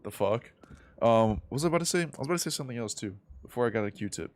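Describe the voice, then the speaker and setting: Racing along with lively intonation in a medium-pitched voice, this young streamer and competitive gamer chats on his live game stream. His story rambles, full of slang and cursing.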